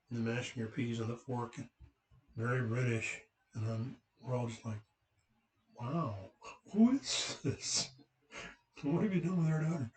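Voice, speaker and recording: A man's voice: mid-range voice, a little mellow. A man from the West Coast telling a casual, rambling family story as a father, with lots of fillers and restarts. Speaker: father recounting family memories. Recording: roomy, from a distant mic.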